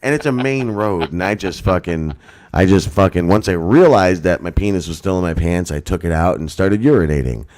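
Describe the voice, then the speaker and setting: A man in his forties telling a rambling, profane story in casual podcast chat, halting often with filler words. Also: sits low, expressive, a little mellow. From New Jersey. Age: 40s. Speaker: podcast co-host.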